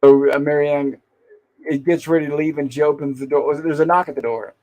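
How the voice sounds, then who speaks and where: On a casual livestream, a man reviewing a classic sitcom walks through an old episode and acts out snippets of dialogue along the way. He speaks a little fast, in a dark-toned, somewhat high voice with fairly even intonation.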